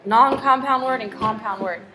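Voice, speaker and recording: A woman's voice: on the high side, moderate pace, crowd noise. A woman teacher tutoring one pupil in phonics, patient and encouraging, asking question after question. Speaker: reading teacher.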